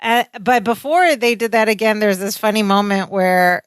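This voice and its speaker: A woman's voice: medium pitch, normal speed, clear, resonant tone, dry recording. A woman co-hosting a podcast, chatting casually and finishing her co-host's sentences as they retell sitcom scenes. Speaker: podcast co-host. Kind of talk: casual chat recapping a sitcom.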